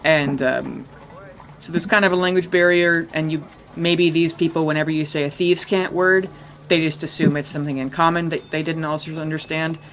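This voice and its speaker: A man's voice: on the high side, steady tone, moderate pace, a bit bright. A man narrating as game master of a tabletop game, in a loose, rambling, joking way.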